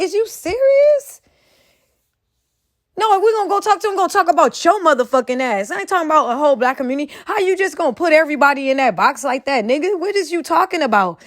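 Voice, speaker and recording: Heated profane woman ranting. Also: high voice. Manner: heated, profane, repetitive rhetorical questions. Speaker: commentator. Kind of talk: angry rant commentary.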